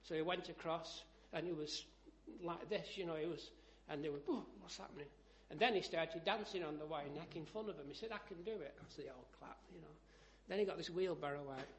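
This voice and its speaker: A man preaching a sermon, telling stories and rising to loud, emphatic scripture reading. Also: fairly high pitch, fairly quick, few pauses.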